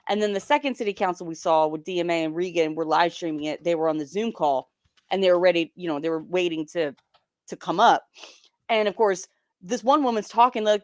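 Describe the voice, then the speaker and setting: A woman's voice: lowish voice, fairly quick, no echo. Dry, sarcastic woman stream host. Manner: sarcastic, drawling, chatty with viewers. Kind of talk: casual live-stream commentary.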